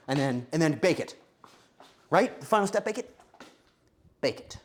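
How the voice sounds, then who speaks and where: Lively joking male streamer. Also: medium pitch, unhurried, pauses often. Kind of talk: casual live-stream commentary while baking.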